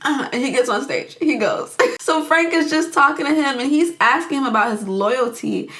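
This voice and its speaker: Brief: young woman vlogger, chatty, expressive, jokey movie recap. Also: high voice, normal speed. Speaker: youtuber.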